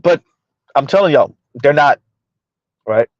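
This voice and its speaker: A man hosting a casual livestream, talking directly to his viewers and slowing down to make his points very deliberately. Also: medium pitch, lively intonation, no room sound, highs cut off. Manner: addresses viewers directly, slows down to stress points; refers to himself in the third person. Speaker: livestream host reading chat comments.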